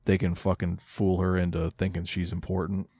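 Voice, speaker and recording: Low-voiced, cynical man talking comics. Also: monotone, moderate pace, warm tone, no echo, studio quality. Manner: cynical, blunt, profane. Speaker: podcast co-host. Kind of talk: casual comic-book review chat.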